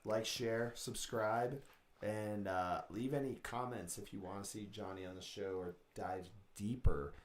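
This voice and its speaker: A man's voice: on the low side, unhurried, reverberant. A man hosting a casual live show, a bit sick, wrapping up loosely with lots of fillers. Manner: loose, rambling sign-offs with many fillers. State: slightly sick voice. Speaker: show host. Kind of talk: casual live-stream chat.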